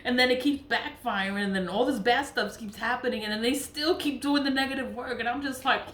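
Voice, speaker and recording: A woman's voice: on the high side, fairly quick, fairly bright tone. A woman talking casually to camera. She rambles and repeats herself, swears, and keeps breaking into giggling laughter. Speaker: self-styled witch vlogger. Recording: echoey room with faint background noise.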